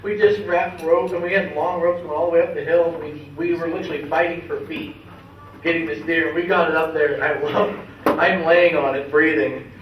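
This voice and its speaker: A man's voice: a little high, normal speed, highs cut off. Young man telling a story in an echoey hall. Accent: American. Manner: animated anecdote-telling, breaking into laughter. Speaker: grandson giving a memorial speech. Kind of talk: storytelling speech at a dinner. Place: large banquet room. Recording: echoey hall audio, heard from a distance with clear background noise.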